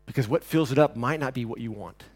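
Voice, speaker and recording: A pastor delivering a sermon, swinging between loud declarations and quiet, intense passages. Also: male voice, medium pitch, fast talker, husky, dry recording.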